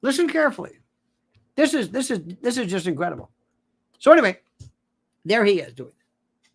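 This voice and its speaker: A man talking in a rambling, theatrical monologue as a commentator, his pitch swinging widely from line to line. He keeps correcting himself mid-sentence and breaks into mimicked voices of the people he describes. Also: sing-song, moderate pace, gravelly, a bit bright, slightly rough. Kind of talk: animated political commentary monologue.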